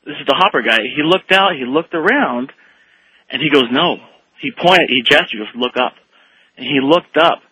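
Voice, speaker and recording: A fairly high, bright male voice with a breathy edge, calling in to a late-night radio show. He rambles eagerly and acts out every quote. The sound is close and dry. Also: moderate pace, dry recording, poor audio. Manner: rambling, animated storyteller who acts out quotes. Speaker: caller. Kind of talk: telling a story on a call-in radio show.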